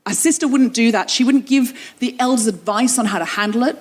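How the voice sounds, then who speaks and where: A woman's voice: a little high, fairly quick. A woman hosting a comedy show, telling a personal story on stage and acting out the dialogue. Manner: lively, quoting dialogue with her own voice. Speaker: comedy podcast host.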